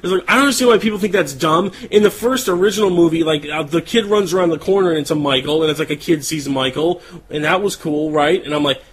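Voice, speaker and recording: A man's voice: fairly high pitch, fast talker, slightly rough, low-quality recording. A man casually recapping a horror movie's plot as a podcast co-host, swearing freely.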